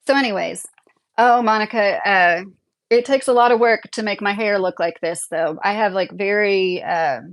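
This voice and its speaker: A woman's voice: mid-range voice, moderate pace. Chatty woman hosting a live chat. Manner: chatty, opinionated, laughs often, reads comments aloud. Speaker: livestream host. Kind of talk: casual live chat reading comments. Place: home, a double-wide trailer.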